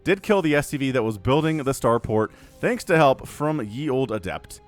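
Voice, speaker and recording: An energetic man calls a video game match on his own, and his pitch swings up and down as he reacts to the play. He keeps it playful and chuckles at the action. Soft background music runs under his voice. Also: moderate pace. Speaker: esports caster. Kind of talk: solo play-by-play game commentary. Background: faint background music.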